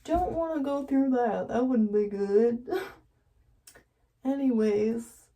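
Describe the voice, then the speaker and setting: Slow, chatty, nervous woman vlogger, laughs a lot, sitting back from the mic. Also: fairly high pitch, dark tone, far from the mic, rough recording. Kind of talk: casual chat to camera while dyeing hair. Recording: voice a bit off-mic.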